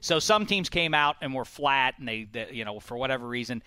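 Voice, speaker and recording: A man hosting a sports talk show, debating football with animated, pointed questions. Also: fairly quick, clear, resonant tone, no echo. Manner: animated, pointed questioning, jumps in pitch when pressing a point.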